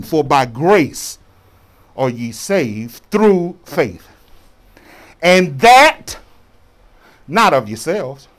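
A bishop delivers a sermon in a medium-pitched voice, colloquial and preacherly, calling out to his congregation for responses.

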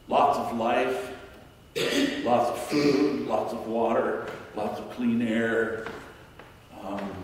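Male minister, unhurried reflective sermon delivery, long church reverb, faint room hum. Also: mid-range voice. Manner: slow, reflective preaching with pauses. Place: church sanctuary. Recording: echoey church hall from far off.

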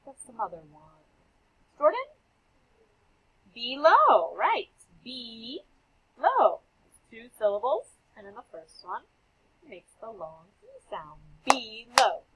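A woman's voice: fairly high pitch, huge pitch swings, measured pace, pauses often, a bit bright, husky, low-quality recording. A young woman teaching a classroom phonics lesson, calling on students by name and repeating their answers with encouragement. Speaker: elementary school teacher.

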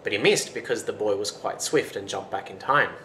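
A man's voice: lowish voice, a little fast, sharp tone. A man retelling a folktale in a casual, conversational way, in a roomy recording with faint noise. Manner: casual, conversational narration with fillers. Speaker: storyteller.

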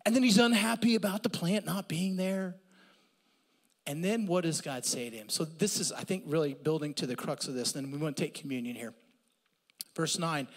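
Man, pastor, lively sermon, high voice, echoing church hall. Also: brisk. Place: church sanctuary. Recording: long hall reverb.

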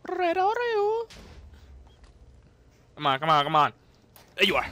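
A gaming channel host doing let's-play commentary, hyper and excitable, jumping between sudden yelps and low mutters and trash-talking opponents. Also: a little slow, no echo.

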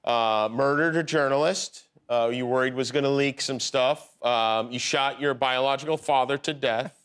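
A man's voice: mid-range voice, moderate pace, fairly bright tone, clean tone. A man in his fifties hosting a late-night talk show, teasing his guest with jokes. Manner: joking, teasing. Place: television studio with live audience. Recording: studio audience faintly heard.

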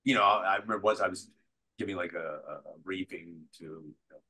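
Deep husky-voiced older male actor. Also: fast talker, low-quality recording. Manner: animated storyteller who acts out quotes. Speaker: guest actor. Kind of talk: conversational interview storytelling.

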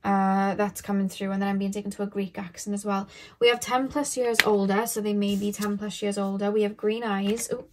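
A woman reading tarot cards for her viewers in a relaxed, chatty way. She rambles and thinks out loud, leaning on fillers as she goes. Her pitch sits at an ordinary middle height. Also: fairly quick, slight background noise. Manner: loose and rambling, thinking aloud with many fillers. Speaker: tarot card reader. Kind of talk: casual pick-a-card tarot reading.

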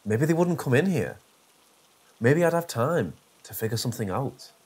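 A man's voice: medium pitch, lively intonation, moderate pace, darkish tone, slightly rough. A man narrating a first-person horror story in a dry, sarcastic way.

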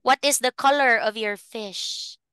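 Woman English teacher for a small child, patient and cheery; slow, bright and crisp, dry sound. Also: fairly high pitch, dry recording. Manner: patient, encouraging, spells letters slowly, laughs often. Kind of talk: phonics lesson with a young child.

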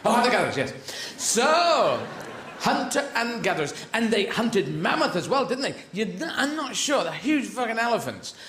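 Profane stand-up comedian. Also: male voice, high voice, very animated, moderate pace. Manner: profane, rambling, mock-indignant. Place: live comedy venue. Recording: echoey venue with crowd noise.

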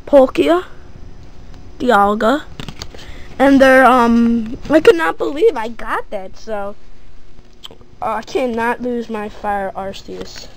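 Slow-talking excitable woman opening cards. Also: a little high. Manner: gushing, excitable, breaks into squeals; lists items slowly, thinking aloud. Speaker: card opening vlogger. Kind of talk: casual unboxing narration.

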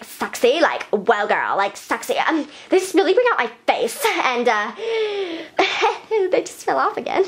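A woman voicing a vain, ditzy female fashion doll, rambling in breathless valley-girl chatter in a hyper improvised vlog. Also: high-pitched. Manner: rambling and scatterbrained. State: breathless from talking fast. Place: bedroom at night.

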